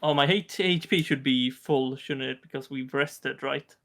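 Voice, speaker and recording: A man's voice: medium pitch, unhurried, fairly bright tone. A man playing in a tabletop game who thinks aloud hesitantly as he plans his moves. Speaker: player. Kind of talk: casual tabletop play.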